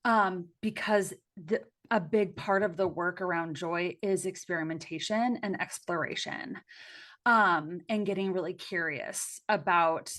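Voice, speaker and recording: Woman, podcast guest, casual and expressive, thoughtful delivery with lots of fillers. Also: fairly low pitch, measured pace. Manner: expressive, reflective, many filler likes. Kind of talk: casual conversational interview.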